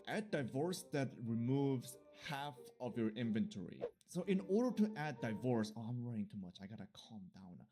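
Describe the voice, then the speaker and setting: A man giving jokey gameplay commentary for his video, excitable and laughing often. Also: medium pitch, unhurried, music in the background. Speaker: gaming video creator.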